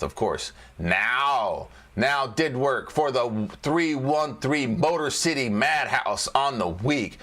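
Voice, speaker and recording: This trading educator's medium-pitched voice sounds pushed and bright as he casually goes over stock charts on screen share. Chatty and repetitive, he jokes and laughs to himself throughout.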